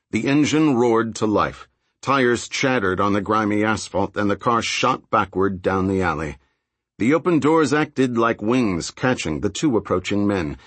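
A man reading a thriller audiobook in a steady, low-key scripted narration. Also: no echo.

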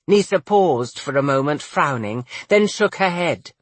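Husky audiobook reader, slow and lively, dry close sound. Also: mid-range voice, no room sound. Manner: measured, expressive. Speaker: audiobook narrator. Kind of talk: scripted narration.

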